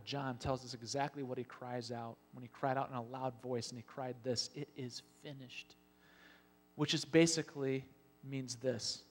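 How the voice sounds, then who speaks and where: A man preaching a sermon as pastor, telling Bible scenes with lively acted-out lines. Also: mid-range voice. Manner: animated storytelling, acting out Bible scenes. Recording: long hall reverb.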